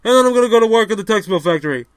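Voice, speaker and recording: A man's voice: sits high, expressive, very fast, clean tone, no echo. A man voicing a rambling, blunt male sports-fan caller in a comedy sketch.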